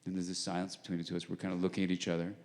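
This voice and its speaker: In a large arts center auditorium, with the long reverb of a big hall and a live audience present, a male guest lecturer explains ideas conversationally. He acts out snippets of dialogue and sometimes drops to a hush for emphasis. His voice sits low, and he speaks very fast with a completely flat delivery.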